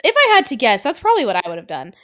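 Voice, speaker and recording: A woman's voice: a little high, wildly swooping pitch, fairly bright tone. A woman co-hosting a podcast, joking her way through a casual recap of a TV show. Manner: playful, jokey, quick asides. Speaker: podcast co-host.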